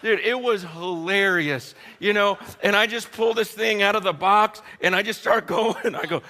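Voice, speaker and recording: A man preaching a humorous sermon story, animated and laughing often, speaking straight to his audience. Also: high voice, moderate pace. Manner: addresses the audience directly.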